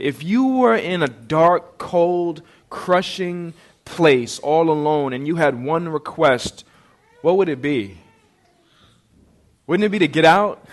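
A man with a high voice delivers a sermon. He speaks earnestly and keeps asking the listeners direct questions. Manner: earnest, rising to impassioned pleading in quoted prayers. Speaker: preacher.

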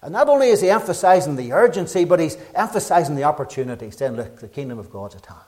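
A middle-aged man with a Northern Irish accent preaching a gospel sermon, fervent and urgent, rising loud then dropping low. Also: very animated, fast talker, few pauses. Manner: fervent, urgent preaching with rises and quiet drops.

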